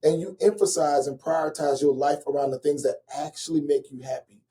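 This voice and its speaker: Man, forties, earnest storyteller, fairly high voice, heard from a little distance. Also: brisk. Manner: earnest, animated, addresses listeners directly. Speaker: guest, relationship coach and author. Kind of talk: candid conversational storytelling.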